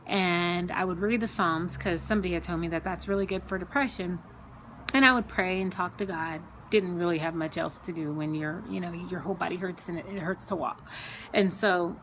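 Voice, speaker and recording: At home, a Christian woman shares her personal faith testimony earnestly and conversationally, using many fillers and repeated words. Her voice is fairly low and a bit bright at normal speed, with a little hiss or hum in the recording.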